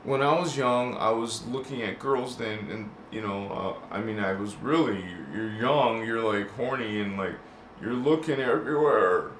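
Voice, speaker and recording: A middle-aged channel host with a mid-range, fairly bright voice speaks at normal speed, reading viewer comments aloud on a live stream. He rambles through tangents with frequent laughter, recorded with roomy echo and a little hiss or hum.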